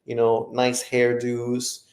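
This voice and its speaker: A man's voice: mid-range voice, completely flat delivery, takes it slowly, darkish tone, roomy sound. A man hosting a boxing livestream who rants in profane commentary. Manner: profane, ranting. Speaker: boxing show host.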